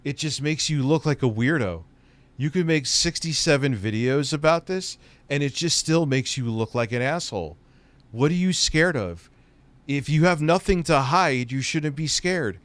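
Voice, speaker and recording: A man's voice: fairly high pitch, expressive, normal speed, a bit bright, no echo. A man hosting a live stream, ranting in a profane, exasperated way. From United States. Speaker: streamer host. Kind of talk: heated live-stream chat.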